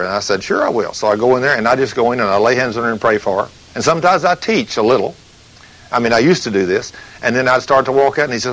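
A male preacher delivering a sermon in a studio setting. He acts out scenes and throws rhetorical questions at his listeners, and his voice sits at an ordinary middle pitch. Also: fast, fairly bright tone, rough recording. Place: studio recording between breaks.

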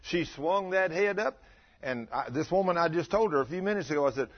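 A man's voice: fairly high pitch, expressive, brisk. A man, preaching a storytelling sermon and acting out the dialogue in his stories. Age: 50s. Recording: dull lo-fi recording.

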